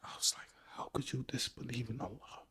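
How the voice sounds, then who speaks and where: An excitable young man telling a story on a casual podcast. He gets animated, stumbles and restarts, and his voice sits at an everyday middle pitch. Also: brisk, husky, whispered. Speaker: podcast co-host.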